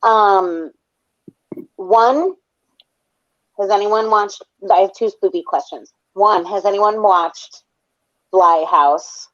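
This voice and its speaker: A woman's voice: medium pitch, slow pace, long pauses, fairly bright tone, no room sound. A woman in her thirties hosting a casual chat stream, talking to viewers and reading their comments aloud. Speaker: stream host. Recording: dull lo-fi mic.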